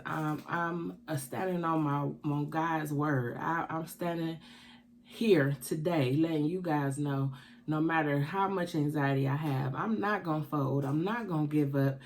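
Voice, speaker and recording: A woman with a low, darkish voice, recorded with a little hiss or hum, tearfully makes an emotional personal confession in her vlog. She's a keto mukbang vlogger who speaks emphatically, repeating her points like she's preaching.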